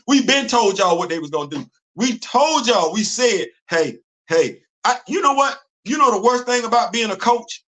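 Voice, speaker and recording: Laughing a lot and loaded with slang, a high-voiced male host rants through casual livestream commentary. He's animated and tends to repeat himself.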